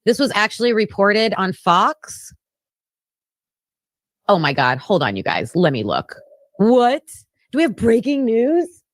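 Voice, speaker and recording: A woman's voice: mid-range voice, huge pitch swings, measured pace, long pauses, dry recording. A woman hosting a live stream, exclaiming and reading breaking news aloud to her viewers. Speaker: livestream host. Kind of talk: excited live-stream chat.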